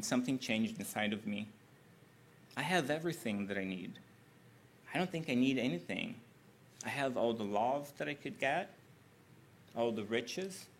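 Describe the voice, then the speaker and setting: A man with a gravelly voice voicing a troubled, wealthy woman in a retold scripture story. She pleads earnestly and wants to change her life. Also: medium pitch, fairly bright tone, a little hiss or hum.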